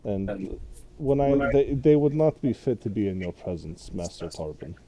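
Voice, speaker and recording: A man doing a gruff dwarf with a Russian accent. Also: on the low side, lively intonation, moderate pace, mellow, natural voice. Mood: stern. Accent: put-on Russian accent. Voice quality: clipped, broken phrasing. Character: gruff dwarf warrior Eric, blunt and formal.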